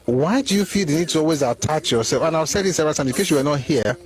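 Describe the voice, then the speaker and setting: A man's voice: fairly high pitch, animated, fast, darkish tone, poor audio. A man from Ife with a Nigerian Yoruba accent, giving a heated, indignant monologue with combative repetition. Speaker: commentator.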